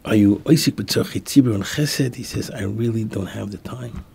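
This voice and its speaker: A man, a rabbi, telling a story as a sermon and acting out the dialogue in soft, hushed tones. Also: lowish voice, normal speed, creaky, husky.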